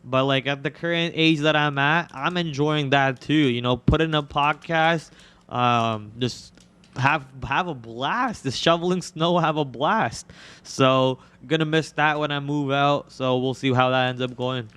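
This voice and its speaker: A young man originally from India, his voice on the high side, slightly bright and smooth, hosts a live trading stream. Casual fillers punctuate his rapid-fire calls of tickers and prices.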